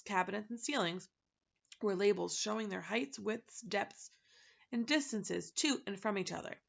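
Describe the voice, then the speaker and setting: A woman's voice: medium pitch, gravelly, dull audio. Woman reading a children's book aloud. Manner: relaxed, laughs at her slips. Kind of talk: casual read-aloud narration.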